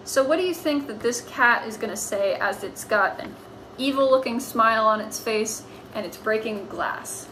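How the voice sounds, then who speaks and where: A woman's voice: a little high, animated, normal speed, fairly bright tone, a little hiss or hum, low-quality recording. A woman teaching a lesson on writing comics, explaining patiently as if to children.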